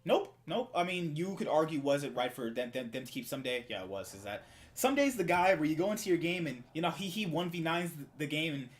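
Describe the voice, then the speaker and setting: Young man, slightly high voice, rapid-fire teasing esports chatter. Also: sing-song. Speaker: co-host debating esports. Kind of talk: casual esports debate chat.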